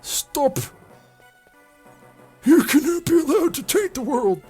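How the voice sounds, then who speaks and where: A man putting on the voice of a stern old vampire hunter who shouts his lines in a high, strained voice. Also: lively intonation, slow, faint music behind, exaggerated voice. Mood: defiant.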